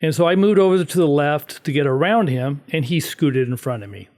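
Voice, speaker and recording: Brief: middle-aged male guest, animated storyteller, slightly high voice. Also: a little fast. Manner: animated storyteller, acts out quotes. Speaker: podcast guest. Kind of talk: casual storytelling.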